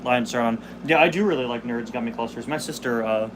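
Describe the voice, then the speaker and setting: A man's voice: medium pitch, fast, noisy background. A man in his twenties hosting a casual live stream, chatting, laughing and reading the chat aloud while chewing candy. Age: 20s. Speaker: host.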